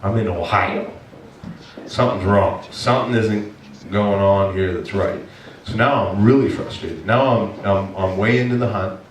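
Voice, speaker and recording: A low-pitched male pastor preaches to his congregation, retelling a personal story with animated swings into exasperated shouting. He is recorded from a distance in a reverberant church sanctuary with a faint hiss underneath. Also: normal speed. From Maine. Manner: animated storyteller, bursts into loud exasperated shouts when quoting himself. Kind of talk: storytelling sermon. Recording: echoey church hall, from a distance, faint noise.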